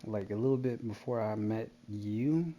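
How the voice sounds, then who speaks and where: A man with a somewhat low voice chats with his friend in an easygoing way, answering in short replies. He keeps calling his friend "bro" and talks plainly and relaxed. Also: moderate pace, highs cut off, a little hiss or hum. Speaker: friend in a gaming chat. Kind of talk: casual chat over a game.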